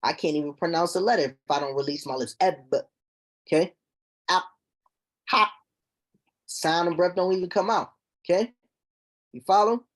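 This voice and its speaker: A man teaching a recitation class, explaining terms slowly and checking on his students with repeated "okay?". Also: on the high side. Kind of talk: classroom lesson.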